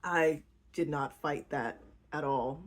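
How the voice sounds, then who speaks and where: A woman's voice: low-pitched, slow pace. A young woman giving a casual, slangy book recap, rambling with fillers and giggling now and then. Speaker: book vlogger.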